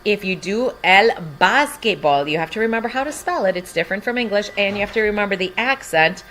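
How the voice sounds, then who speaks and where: A woman's voice: mid-range voice, lively intonation, a little fast, a bit bright, a little hiss or hum. A woman teaching a Spanish lesson from home, patiently explaining each word in English. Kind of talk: recorded language lesson.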